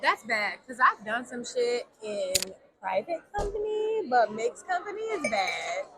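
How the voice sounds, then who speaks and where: A woman's voice: on the high side, very animated, a little slow. A woman co-hosting a casual chat, reacting frankly and swearing as she tells her own story. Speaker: podcast co-host. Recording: noticeable background noise.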